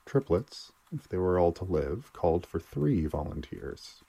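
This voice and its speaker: Guy reading a story out loud, super deep dark voice, steady. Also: measured pace, vocal fry, few pauses, breathy edge. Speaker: audiobook narrator. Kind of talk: scripted narration.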